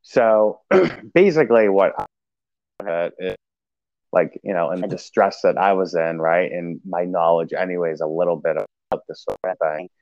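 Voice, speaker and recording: Gravelly low-voiced man, halting storyteller. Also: darkish tone, no echo, muffled recording. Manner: halting, many restarts and fillers. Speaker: podcast guest sharing recovery story. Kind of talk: casual conversational storytelling.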